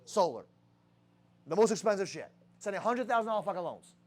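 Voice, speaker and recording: Firing rhetorical question after question, a young man pushes a sales team through a swear-heavy, blunt motivational talk. His high voice is animated and brisk.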